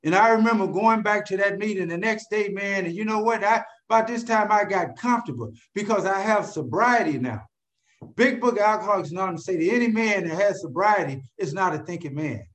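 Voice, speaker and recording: Guy with a pretty high voice telling his recovery story to a crowd, animated, keeps asking the room stuff. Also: fairly quick. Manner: addresses listeners directly by name. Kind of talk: storytelling talk to a live audience.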